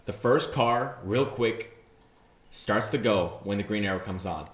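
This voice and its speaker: A young man co-hosting a podcast in casual chat, teasing his co-host in a deadpan way and telling his own stories. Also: on the low side, measured pace. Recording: roomy echo.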